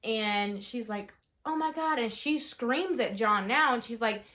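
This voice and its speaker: A young woman in her twenties, telling a story casually in a vlog, chatty and full of fillers, shouting out the dramatic parts. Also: a little high, a little slow. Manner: chatty, animated, lots of fillers, rises to shouting in re-enactments. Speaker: vlogger.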